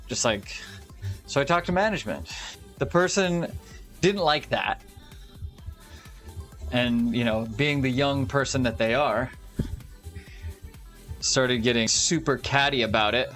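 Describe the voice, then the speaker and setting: A man's voice: medium pitch, a little slow, long pauses. Young guy streaming, swearing a lot, ranting about his week, bit of music under it. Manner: profane, ranting, animated storytelling. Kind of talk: casual chat.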